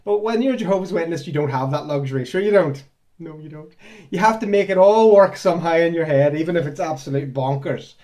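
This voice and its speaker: High-voiced man, sarcastic. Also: fast talker, darkish tone. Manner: chatty, sarcastic and rambling, with frequent laughs. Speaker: ex-Jehovah's Witness vlogger. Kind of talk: casual commentary on reader comments.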